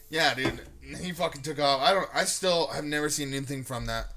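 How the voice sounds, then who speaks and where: A young man co-hosts a casual podcast and spins a long, profane story. His voice sits high and bright, and he leaps into loud, animated impressions of the people in it. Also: fairly quick, vocal fry. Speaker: podcast co-host.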